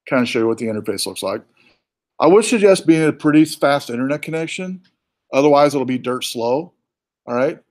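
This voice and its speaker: A man with a Southern US accent walks his students through an online lab as he clicks along. His voice sits at a middle pitch, and his delivery is loose and chatty, with plenty of side remarks. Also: brisk. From born in New York, raised in the US South. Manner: relaxed and chatty, with fillers and asides. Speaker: college instructor. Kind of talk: casual screen-share walkthrough.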